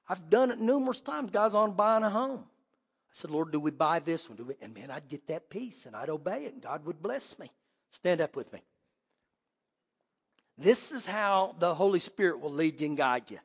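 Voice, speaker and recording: High-voiced pastor in a reverberant hall. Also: male voice, lively intonation, normal speed, breathy edge. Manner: dramatic storytelling, swings from hushed to loud. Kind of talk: sermon with personal story.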